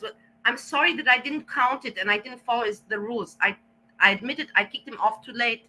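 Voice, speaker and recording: A woman vlogger rants at her camera, blunt and defiant, cursing often and halting as she searches for words. Her high voice is animated, pushed and bright, though the audio is poor.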